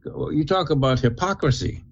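A man giving opinionated commentary on a radio talk show, halting and full of fillers. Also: on the high side, expressive, highs cut off, a little hiss or hum. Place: radio studio.

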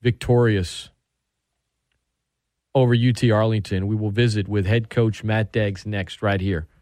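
A man hosting sports talk radio, excitable and animated, often restarting his sentences. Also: lowish voice, a little slow, dry recording, studio quality.

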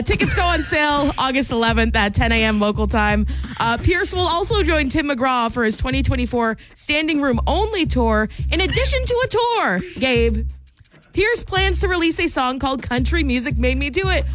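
Playful high-voiced female radio co-host. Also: lively intonation, normal speed, soft background music. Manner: playful, jokey. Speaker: radio morning show co-host. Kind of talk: casual radio banter and news reading.

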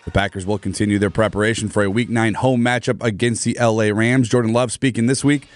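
Radio sports anchor, mid-pitched man, steady newsreading, dry close sound. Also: no room sound. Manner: brisk, steady newsreader delivery. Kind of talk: scripted sports news reading.

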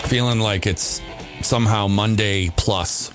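A man's voice: lowish voice, steady tone, a little slow, soft background music. A man hosting a morning radio show, chatting casually and rambling with restarts and laughs, in a groggy morning voice.

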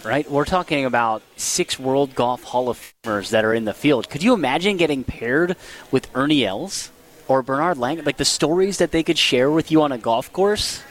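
A man's voice: mid-range voice, normal speed. Eager male sports radio co-host. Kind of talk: casual sports radio chat.

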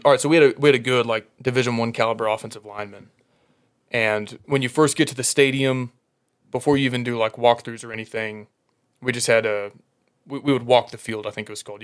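Man telling laughing stories. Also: mid-range voice. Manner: animated, laughing storyteller. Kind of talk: casual chat.

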